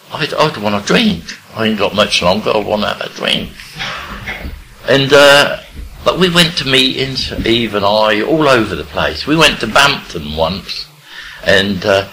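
An older man from England, telling his life story in a rambling, halting way with many restarts. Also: lowish voice, sharp tone, a little hiss or hum, rough recording. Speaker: recovery speaker sharing his story. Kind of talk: personal storytelling.

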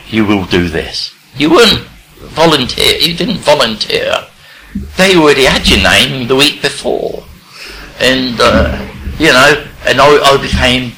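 An older man from England, telling his life story in a rambling, halting way with many restarts. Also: mid-range voice, bright, forceful tone, slight background noise, rough recording. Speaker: recovery speaker sharing his story. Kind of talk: personal storytelling.

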